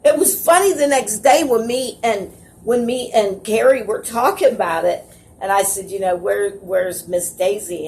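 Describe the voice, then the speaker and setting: A woman's voice: lowish voice, darkish tone, slight background noise. A woman vlogger telling a personal story in a rambling, dramatic way, full of asides. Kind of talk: casual storytelling.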